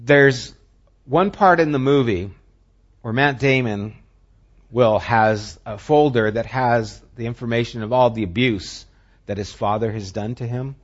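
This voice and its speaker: A male pastor preaching a sermon, moving between animated emphasis and hushed, near-whispered lines. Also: mid-range voice, measured pace, lo-fi sound.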